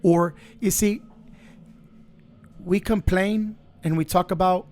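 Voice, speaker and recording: Earnest, preachy man, slightly high voice. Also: steady tone, slow pace, pauses often, darkish tone. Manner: earnest, preachy, faith-based advice; repeats phrases while building a point. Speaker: podcast host. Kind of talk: motivational monologue.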